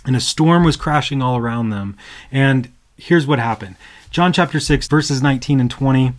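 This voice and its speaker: A man's voice: mid-range voice, moderate pace. A man co-hosting a Bible podcast, explaining verses in an earnest, conversational way that builds to emphatic bursts. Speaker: podcast co-host. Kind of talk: casual Bible study talk.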